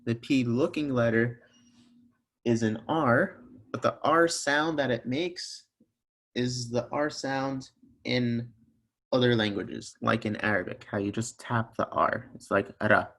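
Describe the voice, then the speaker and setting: A man's voice: medium pitch, slow, a bit bright. A young man teaching a recorded language lesson, patiently explaining each sound step by step and repeating examples.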